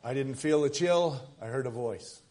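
A man preaching a sermon as pastor at a church service, swinging from loud emphatic lines to soft, hushed ones. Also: medium pitch, moderate pace.

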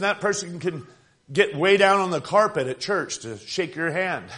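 A man preaching a sermon in a conversational yet emphatic way, building up to forceful points and dropping to quiet asides. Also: a little high, normal speed. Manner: emphatic, conversational preaching with rising and falling intensity.

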